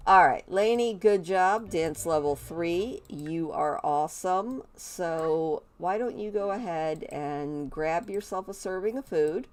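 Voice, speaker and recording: A woman's voice: on the low side, slow pace, hardly any pauses, darkish tone. A woman giving casual, playful gameplay commentary, chatty and gushing over the babies in her game.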